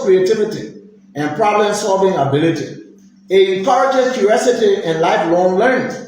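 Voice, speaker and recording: A man's voice: high voice, a little mellow. Emphatic man with a Liberian accent. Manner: formal, emphatic, admonishing. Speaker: university vice president. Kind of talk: press conference statement. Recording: very echoey room with faint noise.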